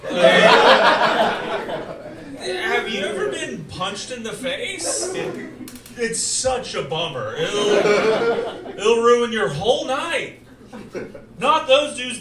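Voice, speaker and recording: A man performing a stand-up comedy set, animated, with loud acted outbursts. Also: high-pitched, heavy background noise. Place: comedy stage in a poker room. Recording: roomy live club sound from far off. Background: audience laughter.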